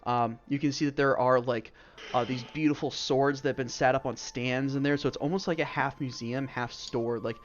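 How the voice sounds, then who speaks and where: A man's voice: medium pitch, steady tone, normal speed. Rambling male game master, lo-fi. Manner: rambling, full of "like" and "um". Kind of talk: narrating a tabletop game. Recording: dull lo-fi stream audio with faint music.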